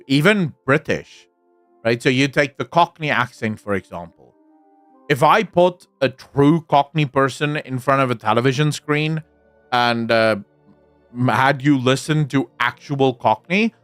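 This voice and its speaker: A man's voice: mid-range voice, a little slow, a bit bright, no echo, soft background music. A man chatting casually on a livestream, answering his chat, rambling and opinionated with frequent restarts.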